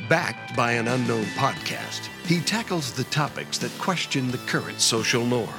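A man's voice: mid-range voice, animated, normal speed. A man delivering a dramatic trailer-style voice-over for a podcast intro. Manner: dramatic, announcing. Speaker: show announcer. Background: guitar music.

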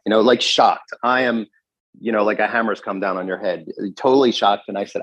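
A man's voice: on the low side, fairly quick, a bit bright, muffled recording. A man, a gun shop owner being interviewed, earnestly recounting what happened with frequent restarts. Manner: earnest, recounts events with restarts and quoted dialogue. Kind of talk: interview, telling his story.

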